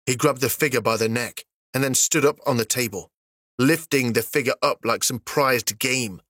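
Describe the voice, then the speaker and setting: A man narrating a fantasy story as an audiobook, steady and even. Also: medium pitch, normal speed, no echo, studio quality.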